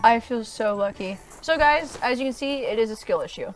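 A woman streamer visiting an outdoor animal enclosure, talking in an excitable, giggly and emotional way. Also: on the high side, moderate pace, over music, rough recording. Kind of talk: casual chat.

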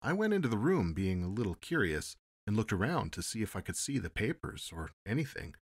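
A man's voice: fairly low pitch, lively intonation, normal speed, fairly bright tone. A man doing an eager, polite ship's steward. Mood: excited. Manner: polite, says sir often. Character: deferential male ship's steward, eager and talkative.

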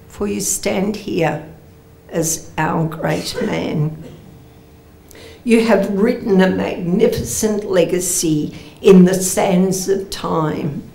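A woman proposes a formal toast in a very slow, measured, oratorical manner, with a gravelly, fry-tinged low voice. She speaks in a large function hall, and the recording is echoey with faint ambience behind her. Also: a little mellow, a little hiss or hum. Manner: measured, oratorical, with deliberate pauses. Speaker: past district governor proposing a toast. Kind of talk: formal ceremonial toast speech.

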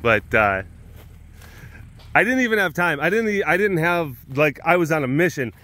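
A man's voice: fairly high pitch, lively intonation, moderate pace, sharp tone. A man vlogging outdoors at an animal sanctuary, telling a rambling story full of sound effects and laughs. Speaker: big cat sanctuary vlogger. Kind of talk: casual storytelling.

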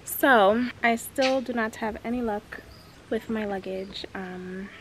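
A woman's voice: a little high, slow pace, background noise. A woman in her twenties from Jamaica, chatting casually to camera in a vlog. She laughs often and coos at pets. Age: 20s. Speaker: vlogger. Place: in a car, then outdoors at a family home.

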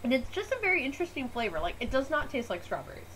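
A woman's voice: sits high, big pitch swings, racing, fairly bright tone, slight background noise, rough recording. A woman from Mexico co-hosting a podcast, joking and teasing playfully. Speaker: podcast co-host. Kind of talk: casual banter.

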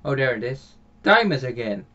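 A man with a Dutch accent talks through a farming game in a relaxed, halting way, often pausing on filler sounds and starting phrases over. His voice sits at a middling pitch. The home mic sounds dull and lo-fi. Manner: hesitant, many filler sounds and restarts. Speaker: game channel host. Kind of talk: casual gameplay commentary voiced afterwards.

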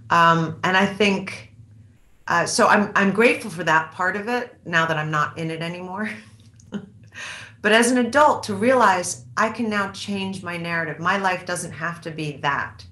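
A woman's voice: fairly low pitch, pushed and bright, roomy sound. A middle-aged American woman speaking as an interview guest, reflective and thoughtful, often restarting her sentences. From United States. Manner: reflective, with frequent restarts and fillers. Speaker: author and actress, interview guest. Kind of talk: conversational interview.

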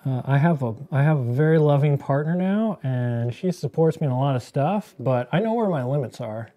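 A man's voice: mid-range voice, animated, brisk, lo-fi sound. A man in his thirties hosting a casual painting demo, joking and rambling into movie tangents as he works.

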